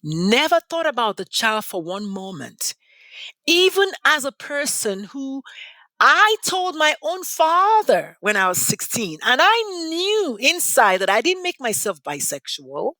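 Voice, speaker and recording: A passionate Nigerian woman, a podcast guest, recounts her story in an interview with a bright voice that swings widely in pitch. She relies on dramatic pauses, and the recording is close and dry with no room sound.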